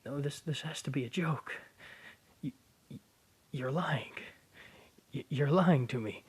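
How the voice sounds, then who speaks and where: A hoarse man with a sore throat voicing a grieving teenage boy who stammers, pleads and denies the news in a strained, husky voice. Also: a little slow. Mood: denying, pleading. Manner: pleading, stammering, voice rising high.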